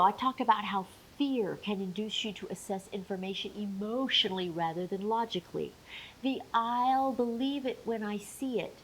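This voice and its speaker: Woman teaching on camera, lively up and down voice, bit of hiss behind. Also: on the high side, low-quality recording. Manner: clear, emphatic explaining with playful asides. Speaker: menopause educator. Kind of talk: educational video talk.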